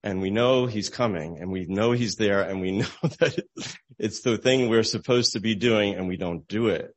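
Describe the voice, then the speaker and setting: A man with a very low voice delivers an informal sermon. He talks conversationally, acting out short bits of dialogue as he retells a story. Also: moderate pace. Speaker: preacher.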